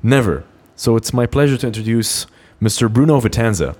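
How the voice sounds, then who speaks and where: A man's voice: medium pitch, animated, darkish tone. Laughing, stumbling male podcast host. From Lebanon. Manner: laughs often, halting restarts. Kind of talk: casual podcast interview.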